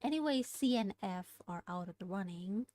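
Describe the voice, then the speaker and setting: A woman studying a language aloud, thinking out loud, hesitating and correcting herself as she works through exercises. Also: mid-range voice, animated, moderate pace. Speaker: language learner streaming study session. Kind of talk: casual study-along lesson.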